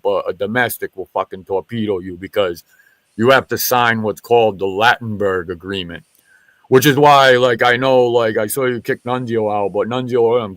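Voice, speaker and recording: A man, a former military police officer, swearing freely in an animated story that acts out what each person said. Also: mid-range voice, moderate pace, no room sound. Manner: profane, animated retelling with quoted dialogue. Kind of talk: casual storytelling in a group chat.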